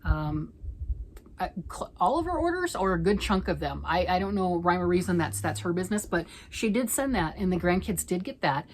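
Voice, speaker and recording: Chatty, rambling middle-aged woman, lowish voice. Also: very animated, normal speed, slight background noise, poor audio. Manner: rambling and chatty, often dropping to a soft near-whisper. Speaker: knitting vlogger. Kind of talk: casual chat.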